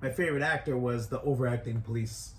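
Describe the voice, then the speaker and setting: A man's voice: mid-range voice, fast, reverberant, a little hiss or hum. A young man from Canada co-hosting a podcast, chatting casually, laughing often and swearing as he rambles. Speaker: podcast co-host. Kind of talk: casual chat.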